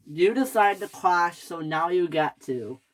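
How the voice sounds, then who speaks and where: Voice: medium pitch, lively intonation, a little slow, close to an everyday voice, poor audio. A performer voicing a stern railway boss who scolds his engines, in a toy train story. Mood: scolding.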